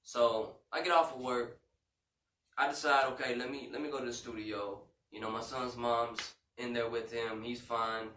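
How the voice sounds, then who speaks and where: Man, casual storytelling, emotional, filler-heavy, bright forceful voice, echoey room, faint noise. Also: medium pitch, steady tone, normal speed. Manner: emotional retelling with many "you know" and "man" fillers. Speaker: podcast co-host. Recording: roomy echo, far from mic, faint background noise.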